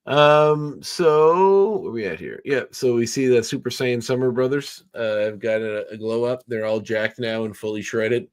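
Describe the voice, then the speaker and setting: A man's voice: mid-range voice, a little slow, hardly any pauses, clear, resonant tone. A man hosting a casual podcast chat, rambling and correcting himself with many fillers. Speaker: podcast host.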